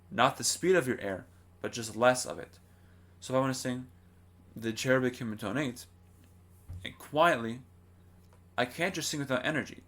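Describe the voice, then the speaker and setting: A man's voice: medium pitch, fairly bright tone. A man giving a singing lesson, explaining in a plain way and often checking in with rhetorical questions. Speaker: singing teacher. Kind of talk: vocal lesson to camera.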